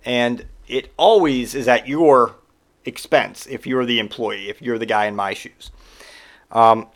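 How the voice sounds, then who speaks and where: In a mid-range, slightly bright voice, a man tells stories on his podcast in a loose solo monologue. He's sarcastic and fed up, cursing without restraint.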